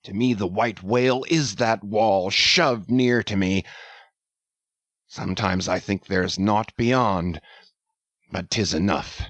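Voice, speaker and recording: Vengeful old whaling captain read by a man, thundering rants, slow and dry. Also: on the low side, fairly bright tone, no room sound. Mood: brooding. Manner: thundering, ranting declamation. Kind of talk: audiobook character reading.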